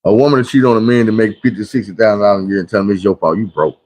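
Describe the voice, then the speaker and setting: A man's voice: lowish voice, very fast, a little mellow. A man on a livestream giving blunt, preachy street talk in a casual monologue, acting out the people he quotes. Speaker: livestream host.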